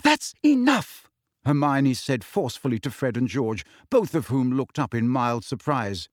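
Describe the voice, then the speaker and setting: A man's voice: mid-range voice, moderate pace, no room sound, clean studio sound. A man narrating a novel expressively as an audiobook reader. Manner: lively, expressive storytelling. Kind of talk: scripted narration.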